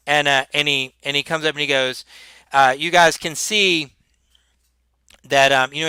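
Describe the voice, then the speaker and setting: A man running a tabletop game as game master, narrating in a halting way with lots of restarts. His voice is slightly high, bright and smooth. It is recorded close and dry. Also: no echo. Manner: halting, many restarts, chuckling.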